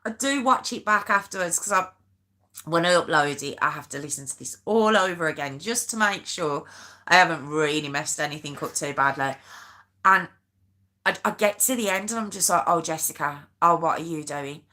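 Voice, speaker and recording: Bright, giggly woman streamer. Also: lowish voice, lively intonation, normal speed. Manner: giggly, self-mocking and rambling. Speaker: true crime live-stream host. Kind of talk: casual live-stream chat with viewers.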